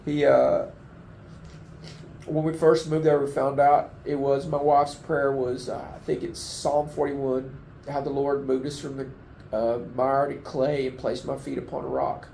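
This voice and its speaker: A man giving a heartfelt, halting testimony in an interview, his emotion showing as he speaks. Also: medium pitch, little pitch movement, creaky, warm tone, a little hiss or hum. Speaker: flood survivor giving testimony. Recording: roomy echoing room.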